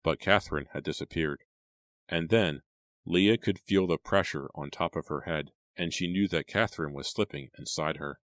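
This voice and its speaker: A male narrator reads a horror novel with steady, dramatic storytelling. His voice sits very low. The recording is close and dry. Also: moderate pace, no echo. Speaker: audiobook narrator.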